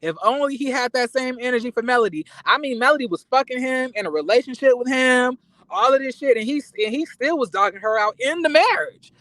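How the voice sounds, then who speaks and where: A man vlogging reality TV commentary in an animated, emphatic, profane rant with quick apologetic asides. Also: very high-pitched, no echo.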